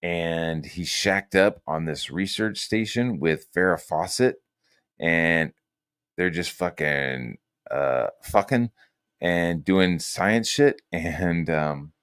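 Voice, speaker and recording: A man with a somewhat low voice talks in a loose, casual podcast chat. He rambles through his stories, swears freely and fills his pauses with ums and likes. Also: a bit bright, clean tone. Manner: rambling, profane storytelling with many fillers. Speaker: podcast host.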